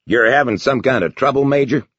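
Guy playing a polite formal ship captain, calm, dull lo-fi sound. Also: medium pitch, fairly quick, husky, no room sound, voice pushed up.

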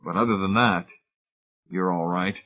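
A weary, sardonic man who speaks low and dry, cutting quietly, as a male reader plays him. His voice is husky, with a tinny, phone-like sound. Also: normal speed.

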